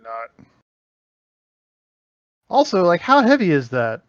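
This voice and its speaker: Loose, rambling male podcast co-host; slightly high voice, dull close recording. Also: huge pitch swings, slow pace, no room sound. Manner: rambling, loose, filler-heavy. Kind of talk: casual commentary chat. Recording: dull, dry lo-fi sound.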